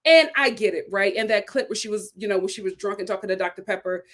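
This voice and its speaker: A young woman with a light Philadelphia accent hosting a casual live-stream chat, talking in an animated way with frequent "right?" asides. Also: medium pitch, fast. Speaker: host reviewing a reality show.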